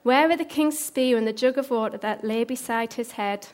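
A woman's voice: fairly high pitch, moderate pace, natural voice. A woman voicing a bold young male hero who taunts a commander in a raised voice, in a retold Bible story. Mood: taunting.

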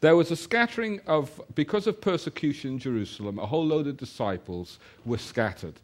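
A man preaching a sermon, telling a personal story and then reading scripture, slowing down to stress key points. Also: fairly high pitch. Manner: animated storytelling, slows for emphasis.

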